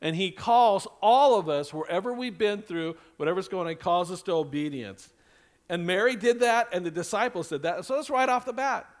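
A male pastor preaching a sermon in a conversational style, with lively asides and acted-out quotes. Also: sits high, normal speed.

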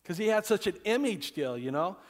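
A man's voice: sits high, animated, a little fast. A man preaching a casual, conversational sermon to a congregation, rambling and folksy, full of asides and jokes. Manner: folksy, rambling, leans on "you know", cracks jokes. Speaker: pastor.

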